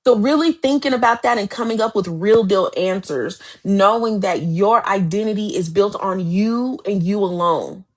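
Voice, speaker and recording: A woman's voice: mid-range voice, normal speed, few pauses. A woman life coach giving a live motivational talk, speaking emphatically and directly with lots of repetition.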